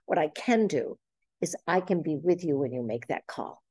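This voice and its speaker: A woman's voice: low-pitched, lively intonation, moderate pace, dark tone, slightly rough, no room sound. Older woman host, 70s, chatty storyteller, acts out the quotes, dry close sound. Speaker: host leading a group talk. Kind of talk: casual group chat. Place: boxing gym.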